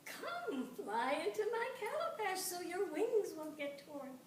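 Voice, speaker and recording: Cunning spider trickster played by a woman, grand proclaiming, slow, heard from far off. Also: extremely high pitch, sing-song, slight background noise, voice pushed up, exaggerated voice. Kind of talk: live storytelling performance. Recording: echoey room, voice from afar.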